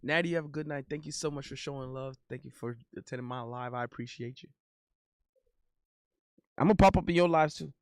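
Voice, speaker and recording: A man's voice: mid-range voice, a little fast, pauses often, darkish tone, no room sound, clean studio sound. A man in his thirties chatting casually on a livestream, rambling and repeating himself in slangy talk. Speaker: live streamer. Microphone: studio condenser mic.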